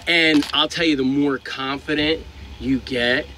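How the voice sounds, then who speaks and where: A man's voice: a little high, steady tone, a little slow, bright, forceful tone, rough recording. Man trucker vlogging from his cab, rambling, frank, faint road noise. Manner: rambling, frank, swears casually. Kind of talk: casual advice vlog.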